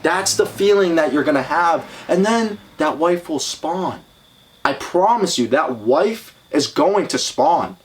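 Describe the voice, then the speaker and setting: A man's voice: on the high side, animated, slow pace. A man co-hosting a casual podcast, talking in a blunt, heated and profane way. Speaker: podcast co-host.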